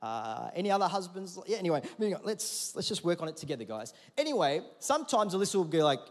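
Male pastor, fairly high voice, conversational sermon that builds to loud peaks, big hall reverb. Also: very animated, fast, hardly any pauses. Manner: conversational preaching, rising to loud emphatic peaks.

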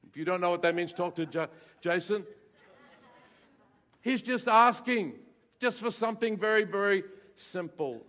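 A male pastor preaching a lively sermon to his congregation, with playful asides and bursts of raised voice. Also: high-pitched, moderate pace, long pauses. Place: church hall with congregation.

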